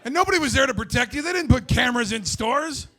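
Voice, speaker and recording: A man in his forties doing a stand-up comedy set, brash and loud with crude storytelling. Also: very high-pitched, expressive, fast talker, soft background music, a faint crowd. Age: 40s.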